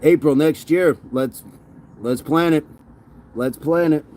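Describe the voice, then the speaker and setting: A man's voice: a little high, takes it slowly, darkish tone, slight background noise. Sweaty man chatting on a workout stream. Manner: reads viewer comments aloud and repeats himself. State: sweaty and winded from exercise. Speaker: fitness livestreamer. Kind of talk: casual livestream chat while working out.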